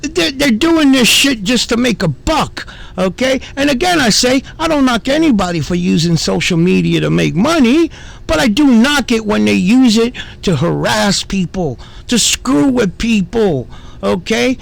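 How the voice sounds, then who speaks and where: Gravelly man ranting indignantly. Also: extremely high pitch, sing-song, unhurried. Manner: indignant, profane, repeats himself. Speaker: commentary channel host. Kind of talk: ranting commentary.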